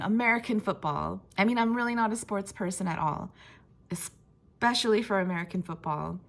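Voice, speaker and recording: A woman book vlogger in casual chat to camera, talking in a chatty way with many fillers and laughs between thoughts. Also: medium pitch.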